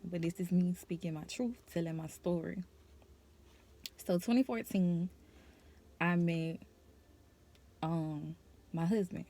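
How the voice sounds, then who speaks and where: A woman's voice: lowish voice, slow, long pauses, dark tone. A young woman vlogger speaking her personal testimony to camera, nervous and emotional, in a casual conversational way.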